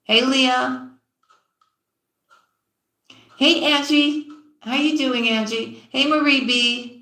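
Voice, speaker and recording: A woman doing tarot readings on a live stream says hello to viewers by name and addresses them as sweetheart and sis, frequently going quiet and low partway through a sentence. Her tone is steady, her words drawn out, and the audio reverberant.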